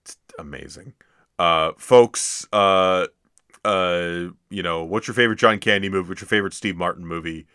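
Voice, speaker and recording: A man co-hosting a movie podcast, chatting casually and excitably with frequent laughs. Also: low voice, normal speed, clear, resonant tone, no room sound, clean studio sound. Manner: excitable, laughs often, trails off. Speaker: podcast co-host. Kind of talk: casual chat.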